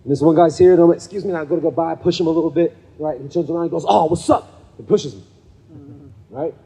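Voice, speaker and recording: A fairly high, husky man's voice, mellow in tone, telling stories to an audience at a gathering. He talks casually, often checks in with "right?" and plays out each person in his stories. The sound carries a long hall reverb. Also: steady tone, very fast. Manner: conversational, checks in with 'right?' often; acts out the people in his stories. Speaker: speaker at a men's gathering. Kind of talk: storytelling motivational talk. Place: event venue with a live audience.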